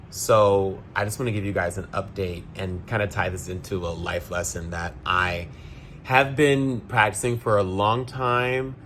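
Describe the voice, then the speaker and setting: Slow-talking man in a late-night vlog. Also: lowish voice, slight background noise. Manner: relaxed, rambling, reflective, with fillers. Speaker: vlogger. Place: indoors at night, by a window.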